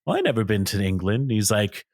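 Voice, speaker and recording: A man co-hosting a podcast, recapping a movie in casual chat, relaxed storytelling with quoted asides. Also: on the low side, fairly quick, dry recording, studio quality. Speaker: podcast co-host.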